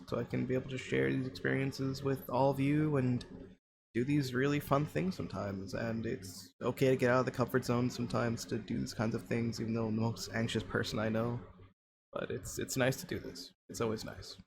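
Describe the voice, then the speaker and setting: Halting, gravelly young streamer man. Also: mid-range voice, steady tone, background noise. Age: 20s. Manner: halting and self-conscious, with many fillers. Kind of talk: casual heartfelt stream talk.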